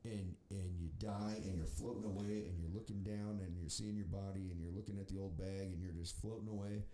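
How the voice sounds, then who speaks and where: Male podcast host, deeper voice, crude and rambling storyteller, echoey studio. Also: fairly even intonation, fairly quick, dark tone. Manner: rambling, profane, mocking storyteller who acts out quoted voices. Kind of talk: profane comedic podcast riffing.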